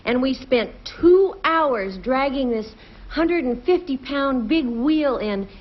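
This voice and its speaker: A woman telling a story on a game show, halting with fillers. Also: high-pitched, expressive, a little hiss or hum. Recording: dull 1970s TV recording.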